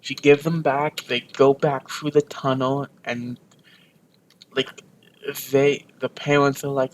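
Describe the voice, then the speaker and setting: A man talking slowly and loosely over his gameplay, stringing thoughts together with fillers and restarts. His pitch sits in an ordinary middle range, with a faint hiss of background noise on the recording. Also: little pitch movement, low-quality recording. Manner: rambling, lots of fillers and restarts. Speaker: let's play gamer. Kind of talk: casual rambling recap over gameplay.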